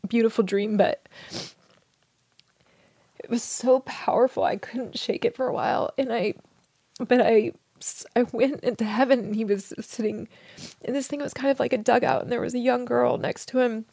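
A middle-aged woman with a slightly high voice tells a deeply personal story. She speaks softly and haltingly, restarting often and slipping into whispers. The sound is dry and close. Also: vocal fry, no room sound. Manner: soft, halting, with many restarts and whispered moments. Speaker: guest.

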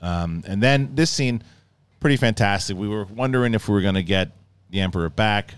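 A middle-aged man giving a casual, rambling review of a show, often acting out scenes in quick mock voices. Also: fairly low pitch, smooth.

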